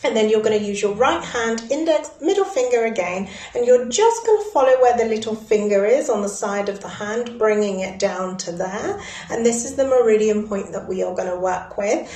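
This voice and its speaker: A woman's voice: mid-range voice, moderate pace. Soothing woman guiding breathwork, echoey room. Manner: soothing, gently instructive. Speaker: spiritual guide leading a ritual. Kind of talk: guided breathwork and ritual instruction.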